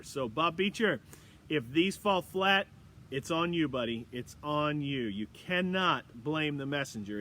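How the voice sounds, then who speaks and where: A man's voice: fairly high pitch, pushed and bright. Middle-aged man, pastor, folksy livestream chat, faint background noise. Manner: folksy, chatty, greets viewers by name. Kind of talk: livestream prayer and dad jokes. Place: church or home, livestream.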